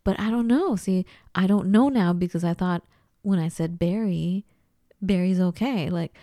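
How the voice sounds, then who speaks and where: A woman's voice: on the low side, moderate pace, dark tone, no room sound, clean studio sound. Rambling woman with a Los Angeles accent. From Los Angeles, California. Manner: rambling storytelling with many likes and restarts. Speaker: podcast co-host. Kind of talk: casual chat.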